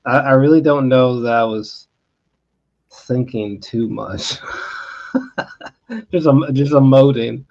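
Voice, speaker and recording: A man's voice: mid-range voice, creaky, darkish tone. A man joining a casual podcast remotely, speaking hesitantly, in dull, lo-fi audio. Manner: hesitant, halting. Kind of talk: casual live-stream chat.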